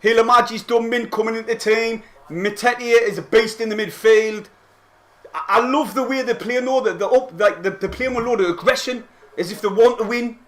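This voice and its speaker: High-voiced excitable football fan. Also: male voice, a little fast. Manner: excitable, shouting and swearing at goals, then quietly reading chat. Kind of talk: live match reaction stream.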